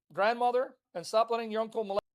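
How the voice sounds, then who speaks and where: An online commentator with a high-sitting voice delivers a brisk, hostile, insulting tirade during a livestream rant.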